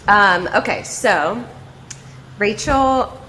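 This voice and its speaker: Playful woman host, mid-pitched. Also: expressive, very slow, sharp tone, slight background noise, low-quality recording. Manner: playful, blunt, curious questions. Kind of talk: casual chat.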